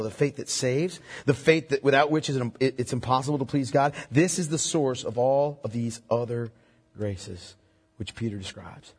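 Animated, husky-voiced male preacher. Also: medium pitch, in a large hall. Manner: emphatic, asks the congregation questions. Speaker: pastor. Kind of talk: sermon.

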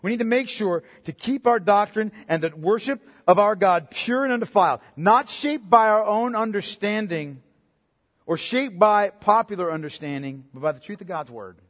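A man preaching a sermon as pastor, impassioned, swinging between loud outbursts and low, quiet emphasis. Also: animated, normal speed. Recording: long hall reverb.

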